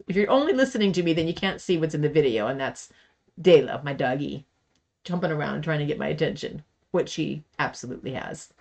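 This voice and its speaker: A Bible study teacher reading scripture aloud with expressive, dramatic emphasis on quoted speech, sometimes breaking off into casual asides. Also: mid-range voice, brisk, vocal fry.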